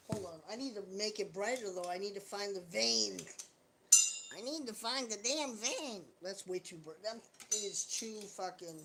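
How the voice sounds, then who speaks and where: A woman's voice: mid-range voice, background noise. A woman chatting casually on a livestream, rambling, joking and swearing a lot. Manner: profane, rambling, jokey. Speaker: live streamer.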